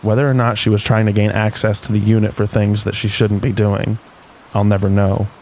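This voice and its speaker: A man reading stories aloud in calm, unhurried scripted narration meant for falling asleep. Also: on the low side. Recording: faint rain noise behind.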